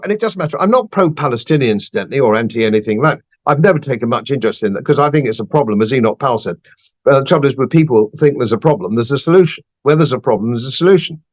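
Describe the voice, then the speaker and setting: An older man, a podcast guest giving blunt, emphatic political opinions and repeating phrases for stress. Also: mid-range voice.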